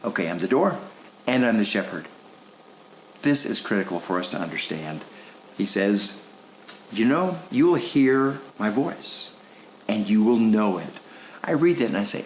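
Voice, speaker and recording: A man's voice: on the low side, sing-song, moderate pace, vocal fry, echoey room, a little hiss or hum, poor audio. A male pastor preaching a sermon in a conversational way, asking rhetorical questions. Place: church sanctuary.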